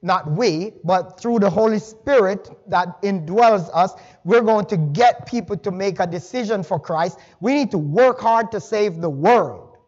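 A man's voice: high-pitched, a little slow, hardly any pauses, a little mellow, lo-fi sound. A male pastor preaching a sermon in a conversational, folksy way, with chatty asides to the congregation. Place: church sanctuary.

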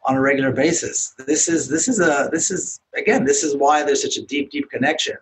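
A man speaking as a podcast guest, earnest and emphatic in a measured way. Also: on the high side, a little hiss or hum, low-quality recording. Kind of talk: interview conversation.

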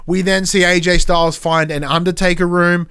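Chatty man with a smooth, higher voice. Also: level tone, moderate pace, a bit bright. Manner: chatty, lots of fillers, acts out quotes with a raised voice. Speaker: podcast host. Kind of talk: casual review monologue.

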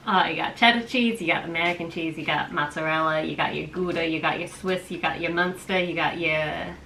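A playful, loose East Coast drawl put on by a woman, rattling off items one after another. The voice is bright and sharp, with a little noise behind it. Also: sits low, a little fast, vocal fry, roomy sound, exaggerated voice, low-quality recording. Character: woman putting on a vague East Coast accent.

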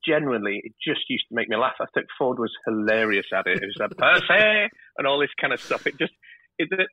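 A man's voice: fairly low pitch, animated, quick pace, pushed and bright, no echo. A man who works as a TV director, chatting as a podcast guest, telling stories and often stumbling over and repeating his words. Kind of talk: casual interview storytelling. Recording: tinny phone-like remote line.

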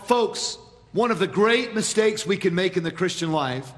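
A man preaching a sermon as pastor in a church, measured, with dramatic pauses and sudden quiet drops. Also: high voice, long reverb tail. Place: church sanctuary.

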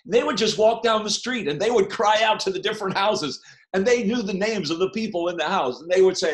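A man preaching a sermon in a church, impassioned, rising to loud cries when he quotes the text. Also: high-pitched, a little fast. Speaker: pastor.

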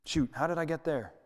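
A male pastor preaching a sermon to his congregation in a conversational, folksy way, with personal asides. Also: on the high side. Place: church sanctuary with congregation. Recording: long reverb of a church hall.

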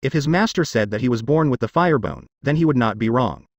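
A man reads a fantasy novel aloud as scripted narration, even and unhurried. His pitch rises and falls freely, and the sound is close and dry. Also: dry recording, muffled recording. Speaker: audiobook narrator.

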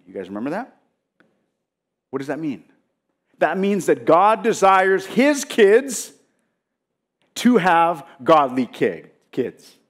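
A male pastor preaches a sermon with emphasis, often putting rhetorical questions to his congregation. His voice is a little high.

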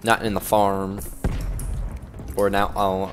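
Low-voiced man swearing over gameplay. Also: normal speed. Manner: casual, swearing, self-mocking. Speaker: gamer. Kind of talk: gameplay commentary. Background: game music and gunfire.

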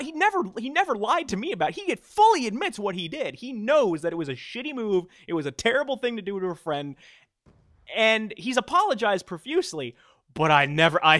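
A young man casually telling a funny story to the camera, animated and self-mocking. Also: extremely high pitch, no echo, studio quality. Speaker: vlogger.

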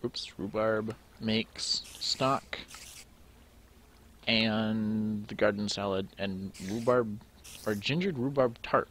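A young let's play gamer muses to himself while sorting items in a game, offering casual commentary. His voice sits on the low side, steady and fairly bright, at a measured pace.

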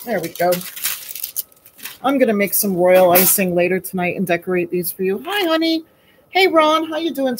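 Chatty woman baking cookies live from her kitchen, mid pitch, bit of faint noise behind her. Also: rough recording. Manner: chatty, greets viewers by name, folksy. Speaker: home baking live-stream host. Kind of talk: casual live-stream chat. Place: home kitchen.

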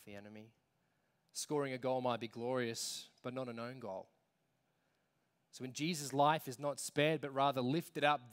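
A man with an Australian accent preaching a sermon as pastor, emphatic, with dramatic pauses. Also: medium pitch.

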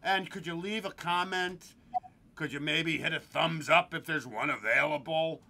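A man's voice: a little high, measured pace, bright, forceful tone. A man hosting a podcast in a crude, joking casual chat, laughing often. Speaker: podcast host.

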